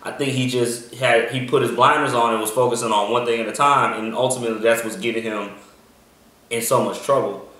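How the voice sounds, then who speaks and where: A man's voice: mid-range voice, fairly even intonation, fairly quick, bright, forceful tone. Man chatting in an echoey room. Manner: rambling, full of ums and restarts. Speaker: podcast co-host. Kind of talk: casual TV episode review chat. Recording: echoey room, mic far off.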